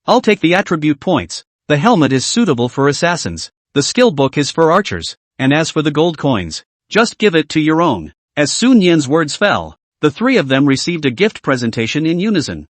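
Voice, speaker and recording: Expressive male story-recap narrator. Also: a little high, moderate pace, few pauses, no room sound. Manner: steady read-aloud delivery.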